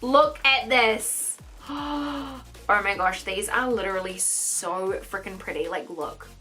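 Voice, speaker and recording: Young woman unboxing makeup, super excited, gasps a lot, bright voice, light music behind. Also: mid-range voice, measured pace. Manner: gushing, gasping, exclaims constantly. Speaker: beauty vlogger.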